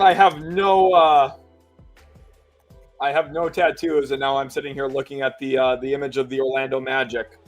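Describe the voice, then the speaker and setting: A young man hosting a casual sports livestream, laughing nervously as he reads donations out loud. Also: a little high. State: nervous, excited. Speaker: livestream host.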